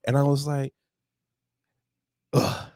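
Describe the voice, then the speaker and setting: Man, podcast co-host, lively sing-song pitch, slightly high voice, dry close mic, acts out quotes, laughs a lot. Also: fairly quick, no room sound. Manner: animated storyteller who acts out the other people's lines and laughs often. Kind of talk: casual podcast chat. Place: home to Detroit.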